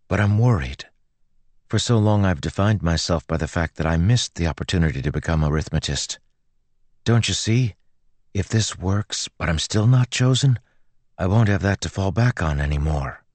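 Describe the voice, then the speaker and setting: A man's voice: deep voice, lively intonation, darkish tone, no room sound, voice pushed up. A man doing a nervous, hesitant teenage boy. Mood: anxious. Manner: hesitant, halting. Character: nervous teenage boy student, anxious and unsure.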